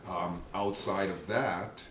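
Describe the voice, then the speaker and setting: A father of a big family talks earnestly about parenting in a casual talk show conversation, his low, steady voice halting as he restarts his sentences again and again. The recording sounds roomy and distant, with faint noise.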